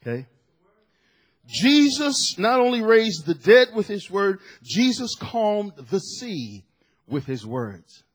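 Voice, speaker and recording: A middle-aged male pastor preaching a sermon, swinging from shouted emphasis to hushed asides. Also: sits high, big pitch swings, takes it slowly, rough recording.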